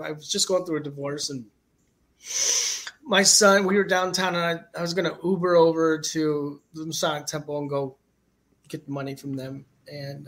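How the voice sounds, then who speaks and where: A music manager in his forties, appearing as a guest on an interview show, tells stories in a casual, animated manner and laughs often. His voice is fairly high.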